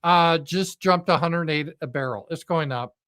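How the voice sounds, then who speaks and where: A man's voice: a little high, moderate pace, fairly bright tone, clean tone. A middle-aged man hosting a live political commentary stream, speaking off the cuff in a profane, sarcastic and mocking way with frequent fillers.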